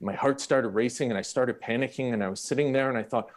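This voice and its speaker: Speaking on a panel, a man tells a personal story candidly and with animation, acting out the people involved. His voice is medium in pitch, and he talks quickly with hardly any pauses.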